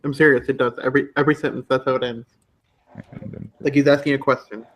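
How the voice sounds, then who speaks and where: A man's voice: medium pitch, fairly even intonation, fast, fairly bright tone. A man chatting on a livestream, telling gossipy stories and laughing often. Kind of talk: casual chat on a livestream.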